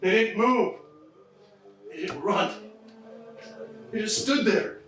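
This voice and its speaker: A man's voice: high-pitched, slow pace, a bit bright. An actor playing a tough, tense man holding out against the dead, talking in a grim, clipped, commanding way. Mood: haunted. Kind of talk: stage acting. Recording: echoey hall from far off with music.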